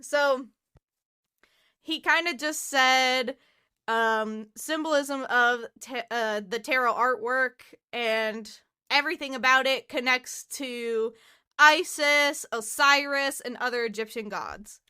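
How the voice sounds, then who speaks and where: A young woman co-hosts a podcast in casual chat, laughing often and swearing freely. Her voice sits high and moves at a slow pace, pushed and bright, and it comes through smooth with no echo in studio-quality sound.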